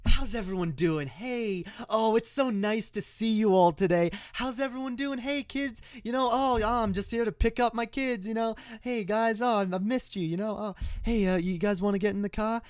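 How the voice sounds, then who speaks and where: A man's voice: sits high, moderate pace, hardly any pauses, no room sound, clean studio sound, voice pushed up, close to an everyday voice. A man doing a gushing fake-cheerful dad. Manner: sugary, gushing public politeness. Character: fake-cheerful, overly friendly middle-aged father.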